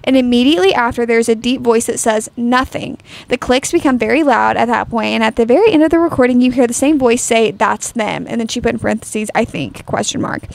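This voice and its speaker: A woman's voice: a little high, fast talker, gravelly, few pauses, darkish tone. A young woman co-hosting a chatty podcast who rambles with lots of fillers and reads a story aloud. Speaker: podcast co-host. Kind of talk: casual chat, reading a story aloud.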